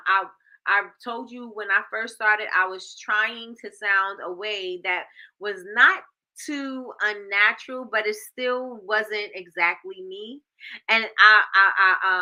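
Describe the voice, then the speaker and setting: A woman's voice: fairly high pitch, bright, forceful tone, rough recording. A woman hosting a live stream, giving emphatic, repetitive motivational talk and laughing often.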